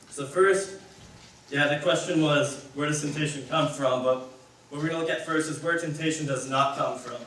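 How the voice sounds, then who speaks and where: A man's voice: fairly high pitch, normal speed, fairly bright tone, slight background noise. A man giving a casual, conversational sermon, rambling and correcting himself as he goes. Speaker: speaker. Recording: echoey hall, mic far off.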